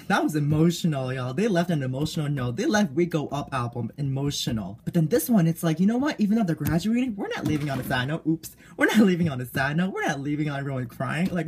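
Young woman gushing over an album, excited chatty vlog talk, bit of hiss behind her. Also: low-pitched. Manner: gushing, animated, drawn-out fan talk. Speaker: YouTube reactor. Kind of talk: casual reaction vlog.

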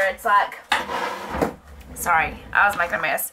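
Against heavy background noise, a woman with a mid-range voice speaks at a moderate pace. She is a vlogger unboxing nail supplies in a casual chat, gushing, rambling, and using many fillers.

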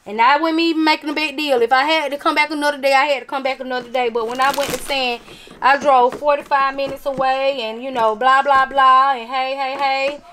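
A woman's voice: high voice, fairly even intonation, brisk, pushed and bright, slight background noise. A woman, chatting casually to her viewers about a craft and gift-basket haul, emphatic and talkative. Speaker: vlogger showing a craft haul. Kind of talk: casual chat to camera.

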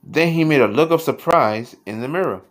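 A man's voice: fairly high pitch, animated, normal speed. A man reading a children's picture book aloud as a bedtime story.

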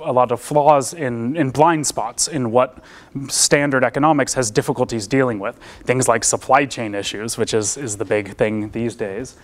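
Young American male presenter, informal academic delivery, self-deprecating and chatty. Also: medium pitch. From United States. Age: young adult. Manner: casual, self-deprecating, many fillers and restarts. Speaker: seminar presenter. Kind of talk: academic seminar talk. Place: lecture room.

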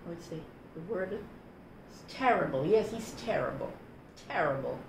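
A woman's voice: on the low side, expressive, unhurried, gravelly. A woman with a Jamaican accent casually teaching patois words, saying phrases in patois and then giving the plain English word. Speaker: host. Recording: roomy with background noise.

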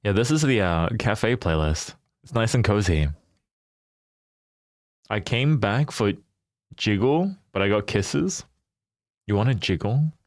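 Male streamer, unhurried, swooping playful delivery, teasing, dry close sound. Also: fairly low pitch, lively intonation, no room sound. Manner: playful, teasing, laughs often. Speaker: livestreamer. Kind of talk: casual chat with viewers.

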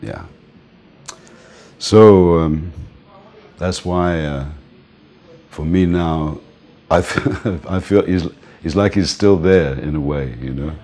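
An older man interviewed as a music manager, telling relaxed stories and often laughing and saying "man". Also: sits low, slow. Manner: relaxed, reminiscing, often says "man", laughs between points. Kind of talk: casual storytelling interview.

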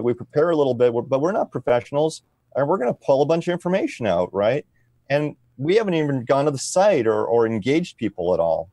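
Relaxed explaining man, dry sound. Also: medium pitch, no room sound. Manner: relaxed, explanatory, tags sentences with "right?". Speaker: podcast guest. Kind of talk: conversational interview.

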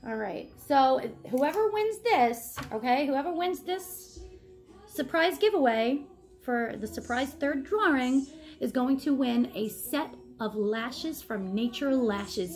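A woman in her thirties hosting a casual vlog giveaway, bubbly and chatty, with excited asides. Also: sits high, measured pace, over music.

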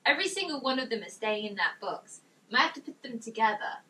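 A woman's voice: on the high side, very animated, fast talker, bright, forceful tone, distant mic. A young woman in her bedroom, gushing and exclaiming as she unboxes gifts and reads notes aloud. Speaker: vlogger. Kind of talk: excited unboxing vlog.

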